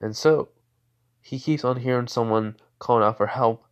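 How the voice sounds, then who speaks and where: A man's voice: mid-range voice, moderate pace, clear, resonant tone, lo-fi sound. Rambling man telling a fan story. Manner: rambling, many fillers and restarts. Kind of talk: improvised fan-story narration.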